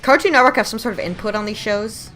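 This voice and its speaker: A woman makes mocking asides as she comments over a cartoon episode. Her voice is bright and clear, and she talks into a home microphone. Faint music plays behind her. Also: medium pitch, fast.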